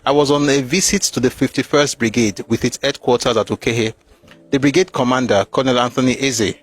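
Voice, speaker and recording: A man reading passages from a war memoir aloud and breaking off with mocking, emphatic asides. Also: mid-range voice.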